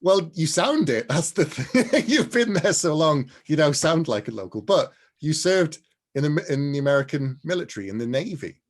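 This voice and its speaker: A man hosting a casual author interview, friendly and quick to laugh, letting his sentences trail off softly. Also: on the high side, animated. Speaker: interviewer host.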